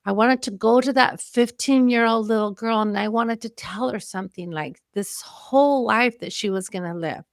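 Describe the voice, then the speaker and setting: Earnest middle-aged woman, fairly high voice. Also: moderate pace, vocal fry, hardly any pauses, dry recording, clean studio sound. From Mexico. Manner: earnest, emotional, vividly reliving memories. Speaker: guest. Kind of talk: personal storytelling in a podcast interview.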